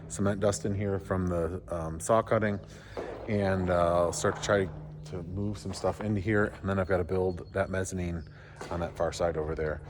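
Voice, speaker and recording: Out of breath, a homesteading vlogger gives a casual walkthrough outdoors by his barn and driveway, rambling easygoingly as he explains his project into an action camera. His voice is lowish, with a noisy background.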